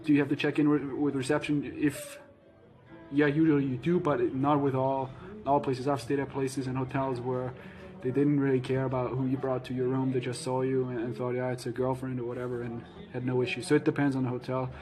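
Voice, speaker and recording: Flat-voiced man answering viewer questions. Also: mid-range voice, brisk, a crowd in the background, poor audio. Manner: frank, matter-of-fact, hesitant with fillers. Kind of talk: casual Q&A chat.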